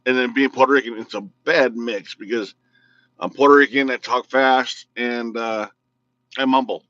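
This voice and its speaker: A man's voice: mid-range voice, steady tone, moderate pace, sharp tone, no echo. A man hosting his own casual video talk show, his speech slightly slurred and mumbling at times. He rants bluntly and jokes as he goes. The recording is dry, with a dull, lo-fi sound. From United States, Illinois. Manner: blunt, joking, ranting. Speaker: vlog host. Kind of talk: casual political rant to camera.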